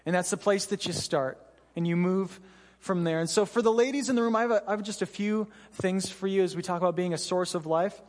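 A man's voice: high voice, a little fast, darkish tone, in a large hall. A man pastor giving an earnest, conversational sermon to his church, with frequent "you know" asides. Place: church hall.

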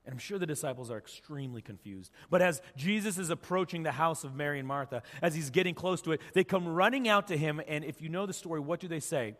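A man's voice: a little high, fast talker, few pauses, fairly bright tone, long reverb tail. A man preaching a sermon as pastor, telling the story casually and acting out the quoted voices of the people in it.

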